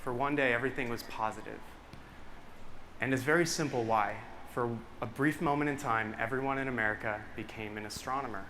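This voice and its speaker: Man, stage talk, earnest and emotional, bright tone, stage mic. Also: mid-range voice, brisk, slight background noise. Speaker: photographer giving a talk. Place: stage before a cheering audience.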